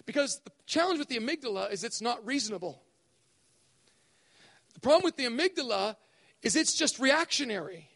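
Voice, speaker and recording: High bright-voiced guy preaching, super lively, big echoey hall. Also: fairly quick, pauses often. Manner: animated, acts out voices for effect. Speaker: speaker at spiritual emphasis days. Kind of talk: sermon.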